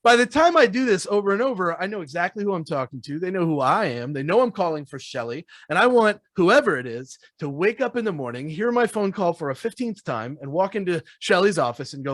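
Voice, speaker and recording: Lively sales trainer man, dry sound. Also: sits high, a little fast, hardly any pauses, no room sound. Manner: animated, laughs often, acts out phone calls. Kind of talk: casual podcast interview.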